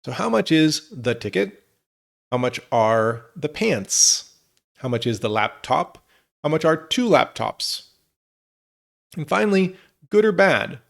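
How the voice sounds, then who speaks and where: A man teaching English, reading example questions slowly and clearly for learners. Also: on the high side, very animated. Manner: slow, clear model phrases for learners. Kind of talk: scripted lesson narration.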